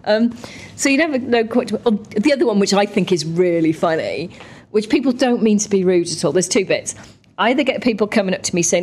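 A woman from the UK, a guest in a conversational interview, chatty and lively when telling stories. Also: medium pitch, a little fast, husky. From United Kingdom. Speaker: interview guest, parliamentarian and ex-athlete.

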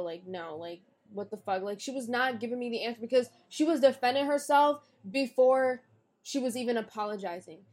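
A young woman guest on a podcast, bluntly and profanely retelling a falling-out with friends in casual chat. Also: a little high. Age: young adult. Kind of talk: casual storytelling.

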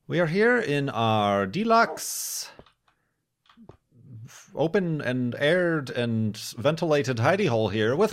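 A man's voice: mid-range voice, expressive, measured pace. A young man hosting a game series, giving casual, chatty commentary with playful, mock-formal asides.

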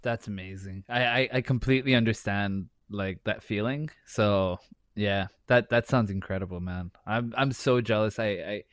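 A man's voice: on the low side, normal speed, no echo, clean studio sound. A man hosting a casual chat, laid-back, laughing and swearing easily.

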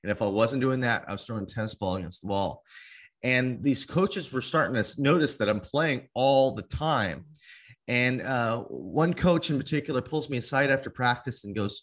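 A man in his twenties, appearing as an interview guest, recounts his life story earnestly and acts out old conversations in quotes. His voice is fairly low and a bit bright, and he speaks a little fast.

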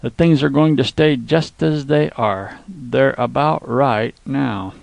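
A man voicing a calm, cocky young Texan outlaw who talks in a slow cowboy drawl. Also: medium pitch, creaky, dry recording. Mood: cool.

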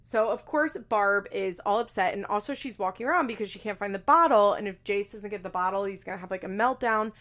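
A woman's voice: medium pitch, fairly quick, hardly any pauses, fairly bright tone. A woman giving a casual, chatty recap with lots of fillers and swearing. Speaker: reality TV recap host. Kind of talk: casual commentary.

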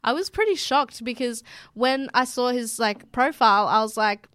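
A young woman co-hosting a podcast, chatty and giggly, leaning on "like" as she talks. Her voice is bright and forward, recorded dry and close with no room sound. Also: on the high side, moderate pace, clear, resonant tone, dry recording. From Australia. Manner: chatty, giggly, lots of "like" fillers. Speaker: podcast co-host. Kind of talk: casual chat.

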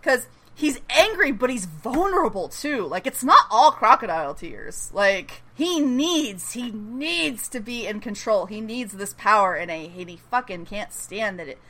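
A lively woman hosting a podcast in loose, casual chat. Her voice sits a little high and bright, swooping up and down as she gets worked up. She laughs often and swears freely. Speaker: podcast host. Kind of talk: casual TV episode recap chat.

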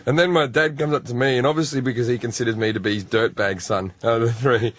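A comedian guest on a podcast tells crude stories in casual banter, laughing as he goes. His voice is medium-pitched and fast, and his storytelling is animated.

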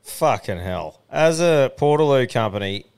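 A man's voice: medium pitch, animated, a little slow, darkish tone, clear, resonant tone. A man co-hosting a crude, laughing casual chat, swearing a lot. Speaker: podcast co-host.

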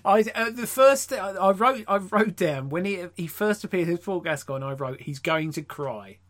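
A man's voice: high voice, normal speed, a bit bright. A man co-hosting a casual comedy podcast, sardonic and sweary, laughing often as he reviews a show. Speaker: podcast co-host.

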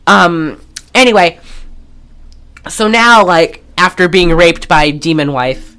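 A woman's voice: fairly low pitch, animated, a bit bright. A woman co-hosting a podcast, casually recapping an old horror movie, swearing freely and acting out lines with bursts of laughter. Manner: profane, laughing, acts out characters in quick asides. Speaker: podcast co-host.

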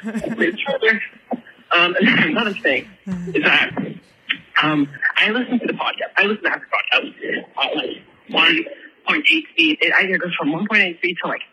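A man's voice: high-pitched, big pitch swings, a little fast, sharp tone, a little hiss or hum, rough recording. A young man leaving a rambling, casual voicemail, full of ums and likes.

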